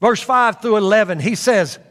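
A man's voice: high voice, normal speed, a bit bright, in a large hall. A man preaching a sermon in an earnest way, repeating phrases for emphasis with frequent fillers.

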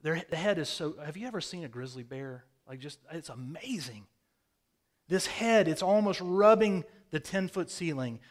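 A male pastor preaching in a storytelling style, his voice sitting a little higher than most men's. He swings from loud, emphatic bursts down to quiet, drawn-in phrases. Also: expressive, normal speed. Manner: storytelling, dramatic swings in loudness. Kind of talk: sermon. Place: rural home with a hayfield.

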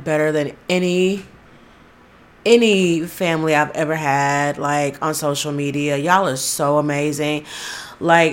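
A woman hosting a podcast in a casual monologue, profane, effusive and often laughing. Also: medium pitch. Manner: loud, profane, laughs often, gushing to listeners. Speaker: podcast host.

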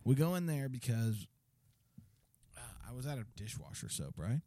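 A young man telling a story in casual chat, profane and animated, mimicking the voices of the people in it. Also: medium pitch, normal speed, no room sound.

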